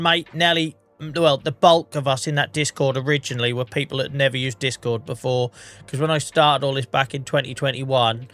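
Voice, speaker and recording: English bloke streaming a farm game, bit of a cold and a cough, rambly and self-mocking, bright punchy voice. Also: male voice, medium pitch. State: under the weather, coughing. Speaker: livestreamer. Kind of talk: casual gameplay commentary.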